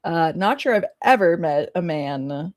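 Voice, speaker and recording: Excitable young woman streamer with a lively pitch. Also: measured pace, no echo, studio quality. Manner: excitable, laughing asides and loud outbursts. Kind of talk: reading a visual novel aloud with reactions.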